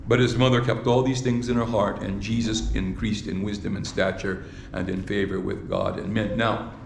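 A man's voice: fairly low pitch, little pitch movement, normal speed, creaky, noisy background. A man preaching a sermon, who often repeats words and asks his listeners rhetorical questions, in a church. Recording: echoey hall with faint ambience.

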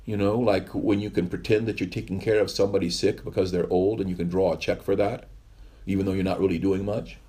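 Husky-voiced man preaching a rambling sermon. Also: low voice, little pitch movement, fast, warm tone. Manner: rambling, storytelling with wry asides. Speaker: pastor. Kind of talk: conversational sermon.

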